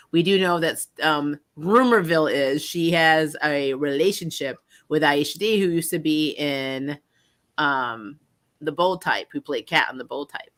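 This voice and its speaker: Woman, bright voice, chatty stream host, laughs often, rambling. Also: deep voice. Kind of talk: casual livestream chat.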